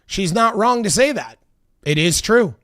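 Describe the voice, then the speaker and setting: A man's voice: sits high, lively intonation, unhurried, a bit bright, a little hiss or hum. A man giving casual, heated political commentary as he reacts to video clips, swearing and arguing with his viewers. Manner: exasperated, heated, swears often. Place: Los Angeles.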